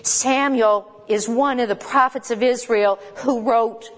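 Woman, Bible lesson teacher, conversational, emphatic, quick asides, long reverb. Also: a little high, fairly even intonation.

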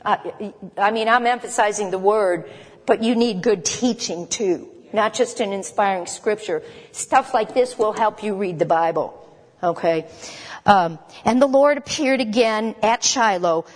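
Woman, Bible lesson teacher, conversational, emphatic, quick asides, long reverb. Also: mid-range voice.

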